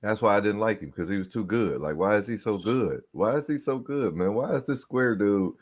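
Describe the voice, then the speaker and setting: A man's voice: lowish voice, lively intonation, fairly quick. A man co-hosting a sports podcast in casual chat, animatedly retelling players' stories with slang and cursing. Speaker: podcast co-host. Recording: live stream call.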